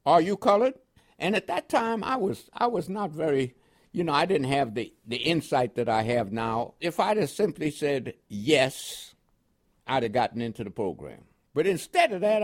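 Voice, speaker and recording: Older man, New York accent with a West Indian touch, lively storytelling, voice rising and falling, slightly high. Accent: New York with West Indian inflections. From Panama. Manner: animated storyteller with laughs and quoted dialogue. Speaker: interviewee, veteran. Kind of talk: oral history storytelling.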